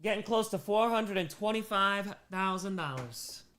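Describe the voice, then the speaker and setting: A man's voice: high-pitched, normal speed, bright, forceful tone, slight background noise. A man hosting a charity livestream, reading out donations and bantering with chat, sometimes in character as a made-up persona.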